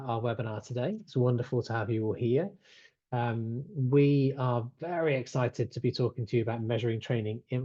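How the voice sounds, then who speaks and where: A man's voice: medium pitch, warm tone, dry recording, lo-fi sound. A man hosting an online webinar in casual chat, reading out chat replies with plenty of fillers. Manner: chatty, reads out chat replies, many fillers. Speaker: webinar host. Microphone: video call.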